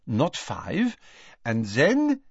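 A man's voice: medium pitch, huge pitch swings, creaky, breathy edge, dry recording, highs cut off, pitched above the performer's own voice, exaggerated voice. A man voicing a serene, complacent young foreign witch who speaks smugly and without hurry, in an audiobook. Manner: smug, unhurried.

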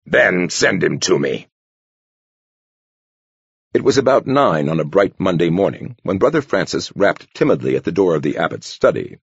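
A man reading a novel aloud as an audiobook narrator in measured storytelling. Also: deep voice, sing-song, husky, dry recording, muffled recording. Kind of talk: scripted narration.

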